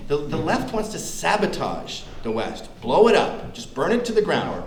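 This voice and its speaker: A man's voice: on the high side, big pitch swings, normal speed, hardly any pauses. A man giving a comedic, provocative speech to a live audience at a club event, acting out quoted voices. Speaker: guest speaker at a club event. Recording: echoey room with background noise.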